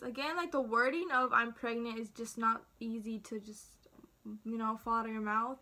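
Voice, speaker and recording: A woman's voice: a little high, brisk, pushed and bright. A teenage girl telling her own story casually to her phone camera, chatty and dramatic, acting out her family's lines. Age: teens. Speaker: vlogger.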